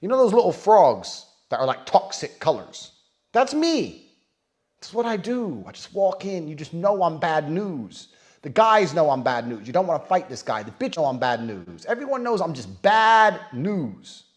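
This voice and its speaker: Cocky male personality in his thirties, high animated voice, loud bragging rant. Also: moderate pace. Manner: brash, profane, loud and taunting. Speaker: public personality. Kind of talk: boastful rant.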